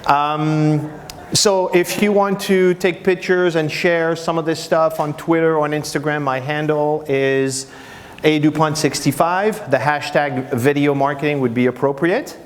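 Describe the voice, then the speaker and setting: A man's voice: a little high, measured pace. A man from France with a French accent, giving a live conference presentation and telling a humorous story. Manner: humorous storytelling, animated quotes. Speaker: conference speaker. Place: conference breakout room. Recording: long hall reverb.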